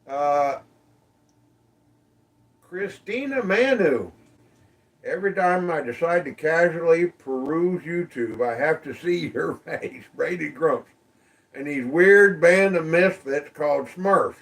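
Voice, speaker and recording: A man's voice: fairly high pitch, lively intonation, a little slow, vocal fry, a bit bright, distant mic. A man casually hosting a livestream from his phone, greeting viewers by name in an easygoing way. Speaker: livestream host. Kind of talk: casual livestream chat reading comments.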